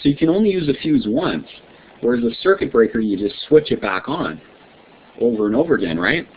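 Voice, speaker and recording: A man's voice: medium pitch, big pitch swings, a little fast, slightly rough. A male teacher giving an online science lesson, quizzing his students in a friendly way and often checking with "right?". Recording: tinny lo-fi line with faint hiss.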